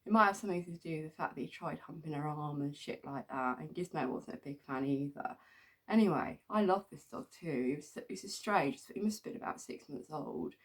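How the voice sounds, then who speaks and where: Low-pitched and brisk, a middle-aged woman from England vlogs through loose, meandering anecdotes. Her manner is casual and chatty, full of ums and frequent laughter.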